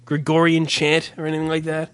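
A man chatting on a podcast, pitched a little high and recorded dry and close. He rambles through profane, animated stories in casual banter. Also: brisk, smooth, dry recording. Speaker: podcast co-host.

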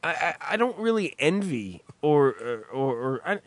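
A man's voice: fairly high pitch, sing-song, moderate pace, no echo. A man telling a rambling, profane story in casual chat with a co-host, full of restarts. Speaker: podcast co-host.

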